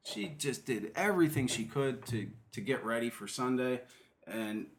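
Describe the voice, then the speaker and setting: A man's voice: medium pitch, normal speed. Casual man in a roomy space. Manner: animated storytelling, voice jumps up when riled. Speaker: podcast co-host. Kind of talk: casual chat. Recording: roomy echo.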